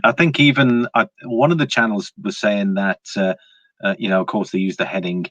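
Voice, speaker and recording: Low-voiced man hosting a live stream. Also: steady tone, fairly quick, fairly bright tone, dry recording. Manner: chatty, reads viewer comments aloud. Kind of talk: casual live-stream chat. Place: indoors at home, evening.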